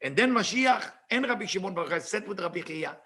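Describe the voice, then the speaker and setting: A man teaching Kabbalah retells a story with lively swings from shouting to near-whispers, bursting out loud at dramatic moments and then dropping low. He reads passages aloud in fast Hebrew and then translates them.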